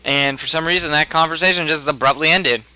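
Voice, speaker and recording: A man's voice: fairly high pitch, a little fast, pushed and bright, clear, resonant tone, dry recording, low-quality recording. A man from the United States giving casual, joking, rambling commentary over a video game on a headset mic. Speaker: game let's play host.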